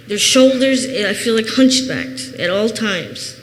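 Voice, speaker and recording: A woman's voice: on the high side, lively intonation, takes it slowly. Earnest woman testifying in a church hall. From Chicago, USA. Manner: earnest, plain-spoken storytelling. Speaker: church member giving testimony. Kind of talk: personal testimony. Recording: reverberant church hall, faint noise.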